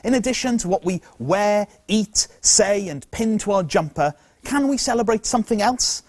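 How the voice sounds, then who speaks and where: A man narrates in a measured, lightly wry tone, his voice sitting a little high. The recording is close and dry, with no room around it. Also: expressive, dry recording. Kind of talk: scripted narration.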